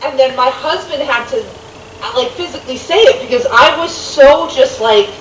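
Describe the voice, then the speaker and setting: A woman co-hosting a casual chat in a musing, questioning way that often drops soft and low. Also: moderate pace, far from the mic. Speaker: co-host. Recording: echoey room, off-mic, faint hiss.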